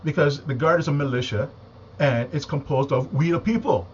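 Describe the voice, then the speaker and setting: A man giving an agitated, emphatic monologue, repeating words and pausing for deep breaths. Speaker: political commentator. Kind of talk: impassioned monologue. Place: home, with a small AM radio nearby. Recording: slightly dull lo-fi recording with faint noise.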